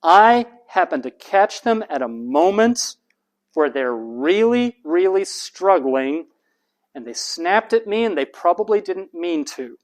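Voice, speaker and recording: Lecturer with a raised classroom voice. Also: very animated. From United States. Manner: raised classroom pitch, slow and emphatic. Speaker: university lecturer.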